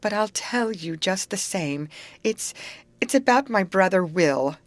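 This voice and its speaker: A woman's voice: mid-range voice, expressive, unhurried, no echo, pitched above the performer's own voice, natural voice. A woman voicing a tall teenage girl who is upset and falters tearfully. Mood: faltering.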